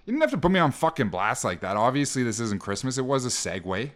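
A man co-hosting a casual comedy podcast, riffing with deadpan, offbeat jokes. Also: mid-range voice, fast talker. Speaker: podcast co-host.

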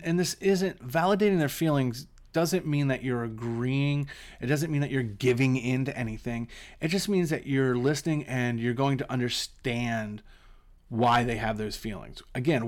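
A middle-aged man hosting a solo podcast, teaching coaches in an earnest way and often repeating a word as he starts a phrase. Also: medium pitch.

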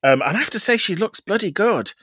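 A man's voice: high voice, animated, brisk, a bit bright, husky, no echo, studio quality. A man reviewing a musical in casual podcast chat, talking in a chatty, hesitant way with many ums.

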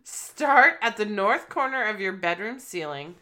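Podcast co-host: a woman with a bright, giggly voice who swears casually. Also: medium pitch, animated, unhurried. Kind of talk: casual chat, reading out a ritual.

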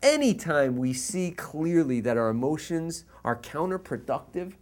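A man from the US East Coast teaching through a story. His pitch swings widely from low to high as he acts out scenes. He laughs often and pulls the listener into the story. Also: big pitch swings, a little slow, a little mellow. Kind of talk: storytelling lecture.

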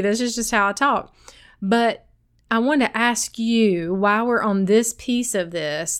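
A middle-aged woman hosting a self-help talk, with a noticeable accent and a smooth, resonant voice at a mid pitch. She speaks straight to her listeners in a chatty, conversational way.

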